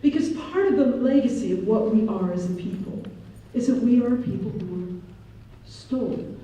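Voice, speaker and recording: A middle-aged woman from Ohio and Michigan, telling personal stories in an animated lecture and acting out the people she quotes. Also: on the high side, moderate pace. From Ohio and Michigan, USA. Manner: animated, acts out quoted voices, slips into French. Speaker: professor giving a talk. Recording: echoey hall, distant mic, dull sound.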